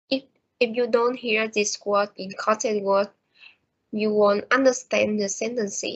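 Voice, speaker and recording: A young woman with a Vietnamese accent reading a class presentation slowly and carefully, with small slips and restarts. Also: medium pitch, fairly bright tone. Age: young adult. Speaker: student presenter. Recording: dull lo-fi home recording.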